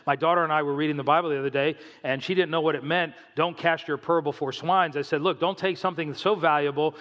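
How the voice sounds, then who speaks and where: Man, pastor, sermon, animated storyteller, slightly high voice, long hall reverb.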